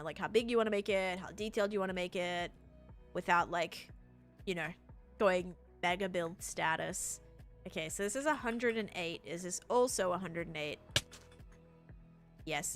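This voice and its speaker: A woman's voice: mid-range voice, fairly bright tone. Bubbly Australian woman streaming a game. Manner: chatty, reads and answers chat while building, bubbly. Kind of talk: casual live-stream chat while gaming.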